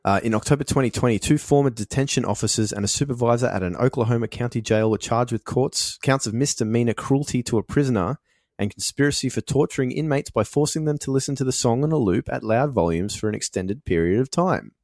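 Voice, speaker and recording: A man's voice: medium pitch, quick pace, darkish tone, no echo, studio quality. A man co-hosting a comedy podcast, making wry asides and laughing easily in the banter. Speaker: podcast co-host.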